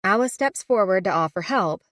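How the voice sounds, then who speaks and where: A woman narrating a first-person audiobook in a measured, reflective way on a close studio mic. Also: mid-range voice, expressive, fairly bright tone, no room sound.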